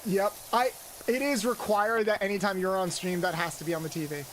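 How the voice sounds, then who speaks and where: A woman's voice: mid-range voice, steady tone, a little hiss or hum, poor audio. A woman hosting a live game stream, chatting casually with a co-host and greeting viewers. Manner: chatty, rambling, quick asides to chat.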